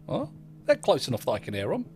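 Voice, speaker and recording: A man's voice: mid-range voice, huge pitch swings, quick pace, darkish tone, soft background music. A man playing a tabletop game, making offhand jokes. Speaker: player.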